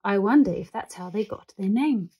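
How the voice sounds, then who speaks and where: A gentle, courteous older gentleman with a slightly fretful edge, as a woman puts him on while reading a storybook. He speaks in a mild middle pitch. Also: lively intonation, normal speed, husky.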